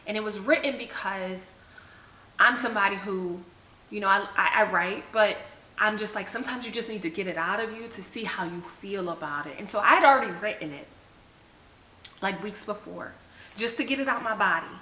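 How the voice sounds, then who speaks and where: Bright-voiced woman telling her story. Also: mid-range voice, moderate pace. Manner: candid, emotional, conversational with fillers and restarts. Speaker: vlogger. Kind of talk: personal storytelling to camera. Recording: echoey room with faint hiss.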